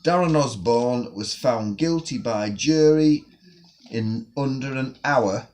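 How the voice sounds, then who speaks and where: A man's voice: mid-range voice, slow pace, a little mellow. A man delivering a profane, sarcastic rant on his own video channel. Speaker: vlogger. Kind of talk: angry ranting vlog.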